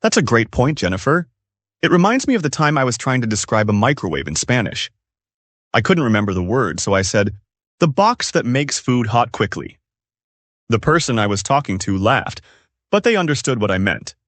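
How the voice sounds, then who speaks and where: A man co-hosting a scripted podcast for English learners. His mid-range voice swings widely in pitch as he explains tips in an upbeat way. The recording is dry and close, with no room sound. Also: very animated, a little fast, a bit bright, dry recording. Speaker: podcast co-host.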